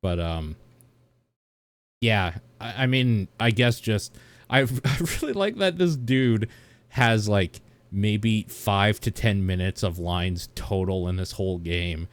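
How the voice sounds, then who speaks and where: A man's voice: on the low side, slow. A man giving rambling, casual commentary while reacting to a video, laughing now and then. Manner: chatty, rambling, laughs often.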